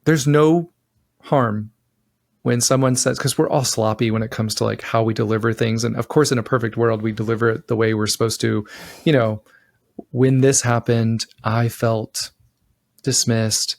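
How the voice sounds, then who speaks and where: Gravelly man giving relationship advice. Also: medium pitch, flat delivery, moderate pace. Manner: rambling, acts out partners' lines in shifting voices. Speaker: podcast co-host. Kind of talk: casual relationship advice chat.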